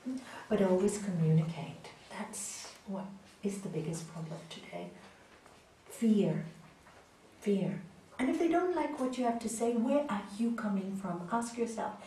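A woman yoga teacher lecturing a class, telling stories with lively acted-out quotes. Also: medium pitch, a little slow, long pauses, roomy sound, far from the mic, slight background noise, rough recording. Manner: animated storytelling, acts out quoted voices. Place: large hall.

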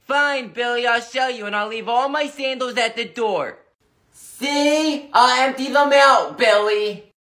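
A performer voicing a scheming, tough grandmother in a comedy skit, with a sly, bossy, drawn-out way of talking. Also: medium pitch, sharp tone.

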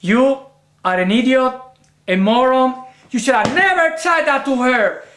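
A sputtering husband. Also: male voice, high-pitched, expressive, moderate pace, a bit bright, echoey room, a little hiss or hum. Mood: furious. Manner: stammering, sputtering insults. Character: excitable Cuban husband caught lying.

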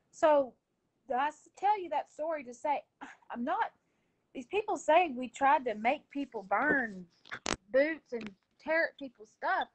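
A woman's voice: high voice, lively intonation, measured pace. A woman talking in a heated live chat, defending herself and retelling a story over and over. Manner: defensive, repetitive storytelling, cusses. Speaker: live video chat participant.

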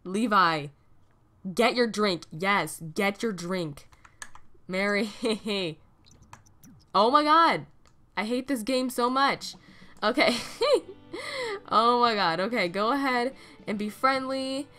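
Her voice is medium in pitch, pushed and bright, and she speaks slowly with long pauses. The young woman hosts gaming videos, chatting casually and giggling through a let's-play, frequently laughing at the on-screen action.

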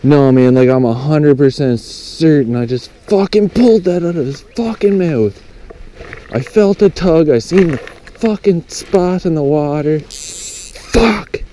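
A young man excitedly narrating his fly fishing outdoors by a lake, swearing often and exclaiming over his catch. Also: fairly high pitch, measured pace, slight background noise. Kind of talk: excited outdoor vlog commentary.

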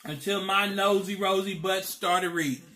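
A man's voice: high voice, normal speed. A man vlogging while eating, chatting casually and telling stories with a lot of emotion. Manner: emotional, animated storytelling. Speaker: mukbang vlogger. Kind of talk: casual chat over a meal.

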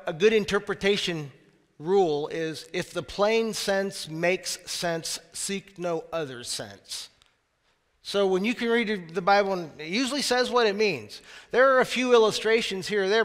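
High-voiced pastor preaching in a church. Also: male voice, a bit bright. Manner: conversational preaching with asides. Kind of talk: sermon. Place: church sanctuary. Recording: long church reverb.

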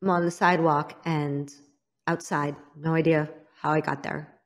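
Woman, slightly low-pitched, interview guest, candid personal storytelling, frank and self-critical. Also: level tone, moderate pace. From Illinois, United States. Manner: frank, self-critical, acts out others' lines.

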